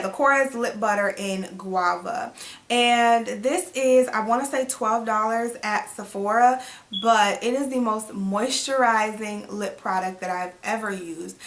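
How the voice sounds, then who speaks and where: Young woman, beauty vlogger, higher voice, gushing and chatty, echoey room. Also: a bit bright. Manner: gushing, chatty, repeats herself. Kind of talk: casual product review to camera.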